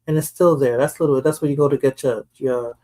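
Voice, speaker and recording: A woman's voice: extremely low pitch, fairly even intonation, brisk, warm tone. Chatty New York woman. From the Bronx, New York. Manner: chatty, laughs often, trails off into mumbles. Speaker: host. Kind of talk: casual chat.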